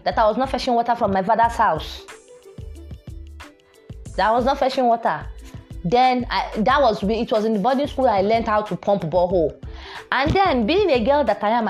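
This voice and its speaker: A woman's voice: on the high side, darkish tone. A young woman with a Nigerian accent, telling a story casually and animatedly, mixing in Pidgin phrases. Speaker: vlogger.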